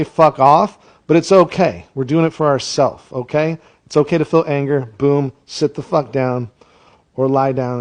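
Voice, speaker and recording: A man hosting a comedic guided meditation, swearing playfully as he talks. He starts loud and animated, then turns softer and slower once the meditation begins. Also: on the high side. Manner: profane and playful. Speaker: meditation host.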